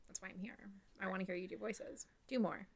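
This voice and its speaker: A young woman co-hosting a podcast, talking in loose, casual chat. Her voice carries plenty of gravelly fry. She is blunt and swears without a second thought. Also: medium pitch, fairly even intonation, fairly quick. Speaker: podcast co-host.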